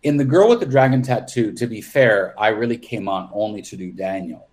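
A man speaks as a podcast guest, telling stories from his career in an open, loose way. His voice sits low, and his sentences often restart before he finds his point. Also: brisk, a little mellow. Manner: candid, rambling with frequent restarts. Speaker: makeup artist guest. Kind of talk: casual interview storytelling.

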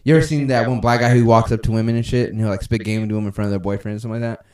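A man's voice: on the low side, fairly even intonation, very fast, a little mellow, echoey room, recorded from a distance. A man telling a rambling, profane story with lots of laughter on a casual podcast. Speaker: podcast co-host.

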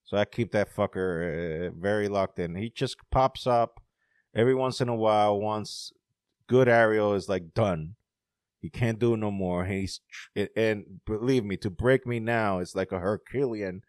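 Profane, animated man chatting. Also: lowish voice, measured pace, clear, resonant tone, no room sound, studio quality. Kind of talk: casual chat.

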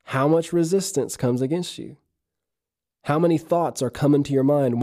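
A man preaching on his podcast, exhorting listeners and having them repeat phrases aloud while guiding slow breaths. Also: a little high, dark tone. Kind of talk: podcast sermon with guided breathing.

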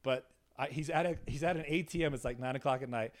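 A male pastor giving a loose, conversational sermon in a small room, voice sitting at an ordinary middle pitch. He swings between hushed asides and bursts of laughing energy, checking in with "right?" as he tells his stories. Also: fast talker. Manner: animated, laughing, frequent "right?" tag questions. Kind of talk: informal sermon with storytelling. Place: small room in a church setting.

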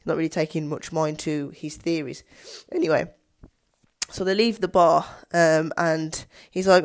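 Low-voiced woman, hesitant retelling. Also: steady tone, moderate pace. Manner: hesitant, many ums and restarts. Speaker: film discussion vlogger. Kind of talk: casual plot retelling.

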